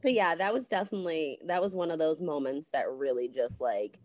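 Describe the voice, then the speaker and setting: A woman's voice: sits low, fairly quick, a little mellow, no room sound. A woman therapist, a podcast guest, recounting her past frankly and animatedly, swearing freely. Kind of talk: candid storytelling interview.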